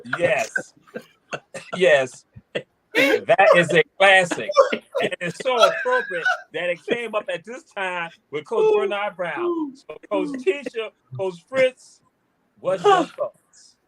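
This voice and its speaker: A man's voice: high-pitched, big pitch swings, vocal fry, a crowd in the background. A man hosting a sports talk panel over a video call, drawing out his words as he calls on each guest for their thoughts. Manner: slow and drawn out, calls on panelists by name. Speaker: host.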